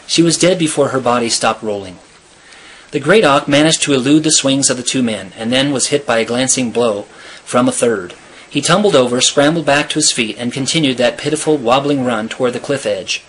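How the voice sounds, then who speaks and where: A man reading a novel aloud in a steady, earnest storytelling manner. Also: medium pitch, brisk, husky. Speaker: reader.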